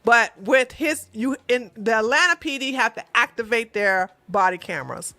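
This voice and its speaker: A woman hosting a casual livestream, chatting with her viewers in an animated way, often laughing and talking back to the chat. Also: on the high side, moderate pace, no room sound. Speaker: livestream host.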